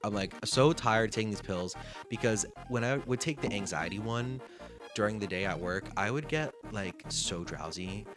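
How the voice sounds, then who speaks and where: A man vlogging in a casual, animated storytelling monologue, with sassy slang and acted-out bits of conversations. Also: fairly low pitch, normal speed. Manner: chatty, animated, reenacts conversations. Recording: music playing underneath. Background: guitar music.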